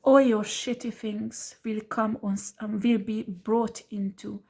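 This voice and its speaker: A woman's voice: medium pitch, level tone, measured pace, gravelly, dark tone. A woman giving a tarot reading who scolds bluntly and swears freely, repeating rhetorical questions for emphasis. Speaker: tarot reader.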